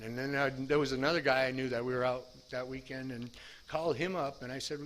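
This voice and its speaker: A man's voice: mid-range voice, fairly even intonation, quick pace, a bit bright, slight background noise. Candid man rambling through a recovery story. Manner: rambling, candid, self-deprecating with restarts. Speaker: speaker sharing his recovery story. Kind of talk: personal testimony.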